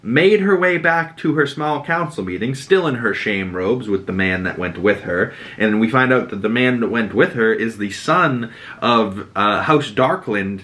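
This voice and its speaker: A man's voice: lowish voice, lively intonation, unhurried, pushed and bright. A young man from Boston, hosting a podcast and giving a casual, rambling recap with frequent swearing and filler words. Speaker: podcast host.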